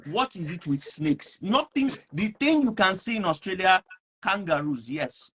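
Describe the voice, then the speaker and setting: A man's voice: high voice, expressive, moderate pace, fairly bright tone, husky. Earnest, emphatic man hosting a talk show. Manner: earnest, emphatic, repeats himself. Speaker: host. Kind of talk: animated online talk show.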